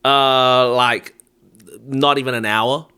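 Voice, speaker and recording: A man who is a guest preacher, chatting casually on a podcast, telling animated stories, laughing often and acting out other people's lines. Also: medium pitch, slow, smooth. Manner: acts out others' lines in quotes.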